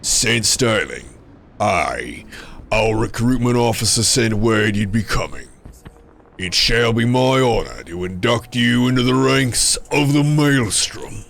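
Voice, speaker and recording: A man's voice: medium pitch, expressive, slow pace, creaky, fairly bright tone, slight background noise, exaggerated voice. A man voicing a stern male military commander who speaks in formal, old-fashioned phrasing. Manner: stern, formal, archaic speech.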